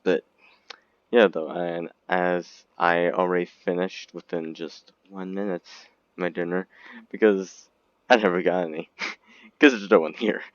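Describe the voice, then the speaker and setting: Low-voiced man rambling over a game. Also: steady tone, unhurried, dry recording. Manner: rambling, giggly, sudden squeaky outbursts. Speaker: gaming video creator. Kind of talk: casual game commentary. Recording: dull lo-fi recording, dry.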